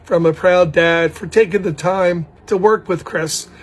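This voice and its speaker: A man, a proud father, casually telling a story about his son, animated and laughing often as he talks. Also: high voice, measured pace. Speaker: parent telling a family story.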